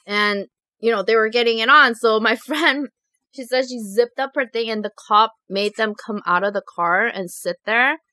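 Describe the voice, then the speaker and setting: A woman vlogger chatting casually as she reads out viewer confessions, telling them in an animated, giggly way. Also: a little high, normal speed, dry recording. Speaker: mukbang vlogger.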